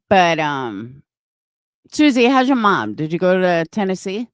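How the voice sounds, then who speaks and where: Here a middle-aged livestreamer and craft seller talks from home in a lowish voice, cursing freely and replying to viewers by name in a casual chat. The sound is clean studio audio with no room sound.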